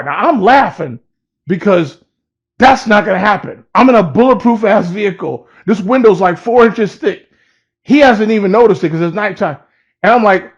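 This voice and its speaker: A man's voice: high-pitched, brisk. A man casually telling a personal story in a profane, laid-back way and laughing at it. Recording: dull lo-fi recording.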